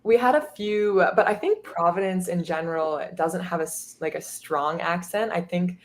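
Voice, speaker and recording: A woman's voice: fairly low pitch, normal speed, slight background noise. Chatty young woman with filler words. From Minnesota. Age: 20s. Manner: chatty, laughs often, many fillers. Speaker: guest, college soccer goalkeeper. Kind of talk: casual interview chat.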